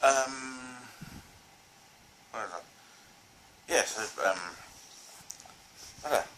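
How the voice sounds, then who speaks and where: A man's voice: mid-range voice, extremely slow, a bit bright, slight background noise, low-quality recording. A man reviewing films in a casual vlog, rambling and enthusiastic, full of fillers and restarts. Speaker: film reviewer.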